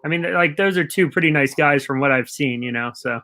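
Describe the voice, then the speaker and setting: Man co-hosting, frank opinionated hockey chat, bright slightly high voice. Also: fairly quick. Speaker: co-host. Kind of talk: casual live game commentary.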